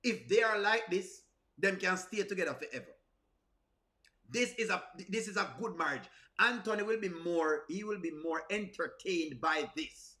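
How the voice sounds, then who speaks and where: Bright-voiced Jamaican man joking around. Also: sits high, expressive, normal speed. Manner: playful, teasing, breaks into song. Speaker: reaction video host. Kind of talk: comedic reaction commentary.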